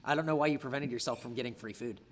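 A man's voice: medium pitch, a little hiss or hum. A man co-hosting a podcast, recapping wrestling in casual chat, enthusiastic, swears a lot, teases his co-host. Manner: enthusiastic, profane, quick to tease.

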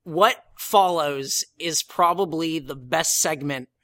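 A man with a bright, forceful voice pitched a little high, chatting casually as a podcast co-host. He races through a recap with animated enthusiasm and slips into quoted lines as he goes. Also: takes it slowly. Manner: excitable, recounts with quoted lines. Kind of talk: casual wrestling recap chat.

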